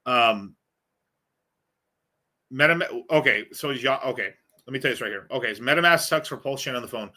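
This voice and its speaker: A man's voice: medium pitch, normal speed, long pauses, bright, forceful tone. A male host answering viewer questions in a casual livestream, rambling, blunt and full of profanity.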